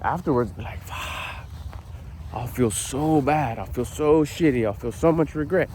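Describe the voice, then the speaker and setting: A middle-aged man giving a casual motivational talk outdoors at a park, blunt and animated, swearing freely. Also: mid-range voice, moderate pace, slight background noise. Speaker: personal development vlogger.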